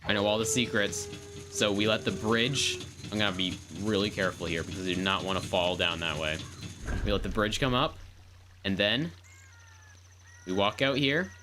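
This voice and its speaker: This is casual live gameplay commentary from a woman whose voice is very deep and whose pace is moderate. She rambles playfully, describes what she's doing as she goes, and repeats words, with game music in the background.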